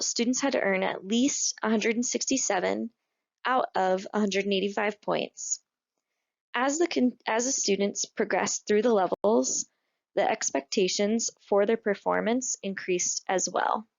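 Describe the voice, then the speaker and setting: A woman giving scripted narration for a training course in a measured, explanatory way. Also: medium pitch, creaky. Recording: dull, lo-fi voice-over.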